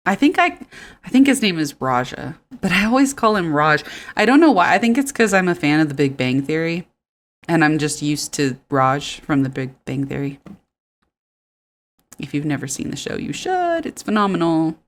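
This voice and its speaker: A woman's voice: sits low, sing-song, moderate pace. A woman streamer chatting casually while playing a farming game, giggling and thinking aloud. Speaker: gaming streamer. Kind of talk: casual let's play commentary.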